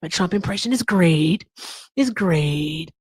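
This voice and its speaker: A woman's voice: fairly low pitch, lively intonation, slow pace, husky, pitched below the performer's own voice, exaggerated voice. A woman doing an impression of a boastful male politician, repeating short bragging superlatives.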